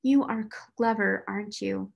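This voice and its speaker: A woman voicing a timid, slow schoolgirl who asks breathless, wondering questions in a raised, slightly gravelly voice. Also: fairly high pitch, animated, pitched above the performer's own voice, heavily acted.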